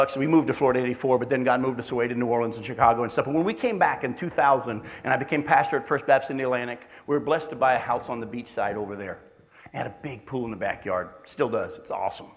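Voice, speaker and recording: A middle-aged man preaching a sermon as pastor, telling family stories with self-deprecating humor. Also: mid-range voice.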